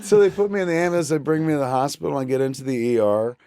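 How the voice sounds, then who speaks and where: A man's voice: medium pitch, rapid-fire, dry recording. A man in his forties spins a comic story as a talk-show guest, slipping into the voices of everyone he quotes. His voice sits in a middle register and sounds close and dry, with no room around it. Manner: animated, acts out every quoted person.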